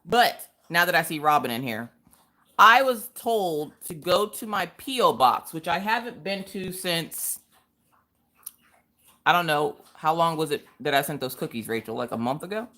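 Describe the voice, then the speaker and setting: A woman hosts a relaxed live craft stream. Her voice sits a little low for a woman. She chats along, greets viewers by name, and laughs often. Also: moderate pace. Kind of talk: casual live-stream chat.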